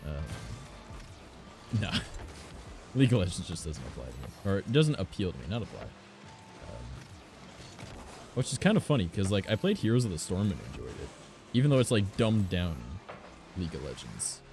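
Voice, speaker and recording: A young man with a deep voice talks casually while he plays online, his pitch jumping widely as he reacts to the match. He swears freely and tells animated stories between plays. Faint background music runs under his voice. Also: normal speed, vocal fry, long pauses. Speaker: streamer. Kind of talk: casual gameplay chat.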